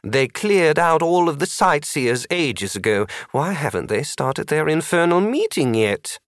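A man doing a prim, high-voiced young wizard. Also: sing-song, measured pace, no room sound, studio quality.

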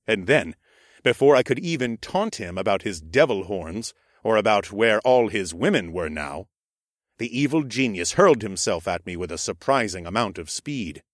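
A man narrating a first-person audiobook in an expressive, sardonic storytelling manner. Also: fairly low pitch, moderate pace, dry recording, clean studio sound.

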